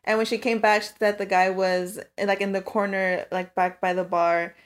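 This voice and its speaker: A woman's voice: medium pitch, little pitch movement, moderate pace. A woman co-hosting a podcast, telling a story in casual chat with lots of "like". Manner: storytelling, heavy "like" filler. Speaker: podcast host.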